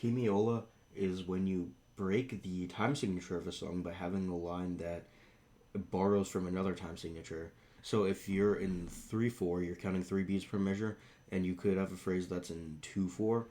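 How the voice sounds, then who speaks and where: A man reacting to a song and explaining music terms, counting beats aloud and singing snippets in a rough morning voice. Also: low voice, fairly even intonation, moderate pace, warm tone. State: morning voice, rough on high notes. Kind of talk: casual reaction and music analysis.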